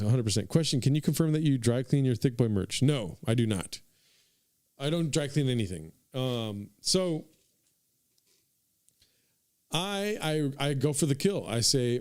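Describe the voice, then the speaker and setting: A young man hosts a podcast and tells a comic story, rambling profanely with plenty of "dude" and asides to listeners. He has a medium-pitched, slightly mellow voice, and the clean studio sound has no room echo.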